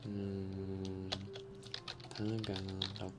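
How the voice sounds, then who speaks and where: Young man, ASMR livestream host, whispery, low voice, chuckles, close mic. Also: monotone, extremely slow, over loud music. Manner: soft, often whispered; chuckles often, tries out foreign words. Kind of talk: ASMR livestream, reading chat.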